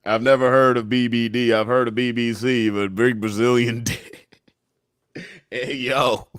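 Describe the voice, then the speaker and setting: A man's voice: medium pitch, level tone, a little slow, no room sound, studio quality. A man from Washington, D.C. hosting a casual livestream, reading chat comments aloud and laughing often.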